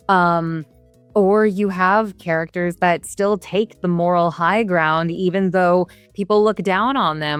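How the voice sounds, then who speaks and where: A woman's voice: lowish voice, smooth, dry recording. A woman voice actor answering interview questions in a thoughtful, hesitant way, with many fillers and restarts. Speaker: voice actor guest.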